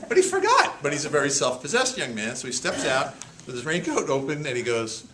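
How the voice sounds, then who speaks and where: A man's voice: fairly high pitch, very animated, brisk. A man giving a humorous storytelling talk to a live audience. He laughs often and repeats words as he restarts his sentences. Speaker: author giving a public talk. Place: senior center hall with an audience. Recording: echoey hall, loud audience laughter and noise.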